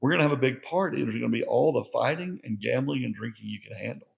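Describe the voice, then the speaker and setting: A man's voice: medium pitch, quick pace, vocal fry. A man voicing a boisterous, lonely wilderness neighbor in a told joke, with a hearty, inviting manner. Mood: cheerful.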